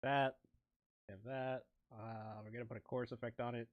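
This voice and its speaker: A man's voice: medium pitch, flat delivery, fairly quick, no echo, phone-quality sound. A young man streaming himself making music, chatting casually, rambling and interrupting himself, often laughing. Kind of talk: casual live-stream talk while producing.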